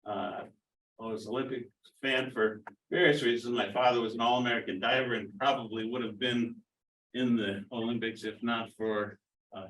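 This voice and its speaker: A man in his seventies telling a story at a college reunion, measured and hesitant. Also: lowish voice, a bit bright. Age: 70s. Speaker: reunion alumnus. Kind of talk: casual storytelling. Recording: roomy hall, distant mic.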